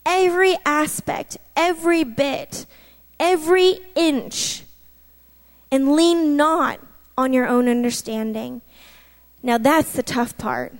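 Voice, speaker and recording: A woman with a bright, high voice preaches a personal testimony. She speaks in an emphatic, conversational way and keeps turning to her listeners with asides. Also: slow, in a large hall.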